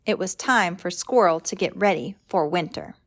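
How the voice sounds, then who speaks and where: A children's librarian reading a picture book aloud to kids in a gentle, clear and unhurried manner. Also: female voice, lowish voice.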